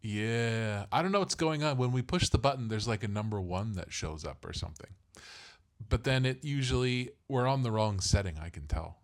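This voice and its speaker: A man's voice: lowish voice, expressive, normal speed. A middle-aged father co-hosting a casual family podcast, rambling and self-deprecating as he explains things.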